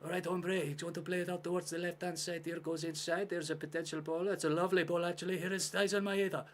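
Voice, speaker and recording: A man's voice: high-pitched, fast, voice pushed up, natural voice. A man putting on a hammy Mexican-accent commentator. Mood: excitable. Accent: put-on Mexican. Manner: rising excitement, hollering "hombre". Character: excitable male football commentator with a fake Mexican accent.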